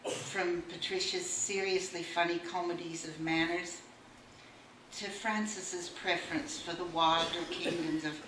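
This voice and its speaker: A woman's voice: on the low side, fairly even intonation, a little slow, far from the mic. A woman giving a wry speech at a book launch and reading a poem aloud. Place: bookshop room. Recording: echoey room recorded from afar, faint noise.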